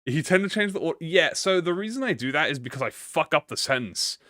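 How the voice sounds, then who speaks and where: A man's voice: on the high side, animated, brisk, sharp tone, dry recording, clean studio sound. A man livestreaming, chatting casually with viewers and reading a story aloud, stuttering and restarting often. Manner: encouraging, talks to chat with slang.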